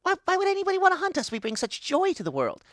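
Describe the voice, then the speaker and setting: Man playing a scatterbrained female pixie goddess: gleeful, rambling, bright tone, wildly swinging pitch, dry sound. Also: wildly swooping pitch, racing, no room sound, heavily acted. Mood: giddy. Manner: rambling, giggly, swings between booming and squealing. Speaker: guest voice actor. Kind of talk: comedic improvised character interview.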